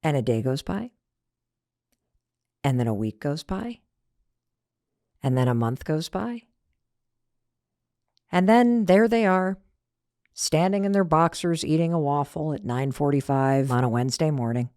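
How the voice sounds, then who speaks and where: A middle-aged woman hosting a podcast, telling a story in an animated motivational talk that drops to whispered asides. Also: sits low, a little slow, pauses often, no room sound, clean studio sound. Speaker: podcast host.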